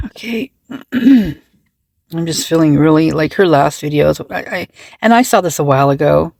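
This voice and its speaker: A woman's voice: sits low, animated, unhurried, vocal fry, a little mellow, dry recording. Indignant woman host, dry close sound. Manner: indignant and agitated, with frequent restarts and trailing fillers. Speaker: true-crime commentary channel host. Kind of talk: casual reaction commentary to a camera.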